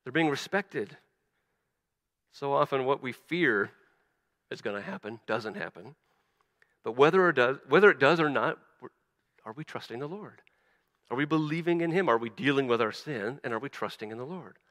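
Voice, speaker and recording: A man preaching a sermon as a pastor, animated, acting out quoted voices, often stumbling and restarting. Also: medium pitch, moderate pace, pauses often, in a large hall.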